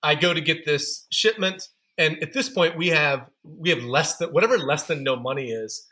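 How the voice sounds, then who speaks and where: A man's voice: fairly high pitch, normal speed, sharp tone. A man guest on a podcast interview, telling candid, self-deprecating stories about building his running store business.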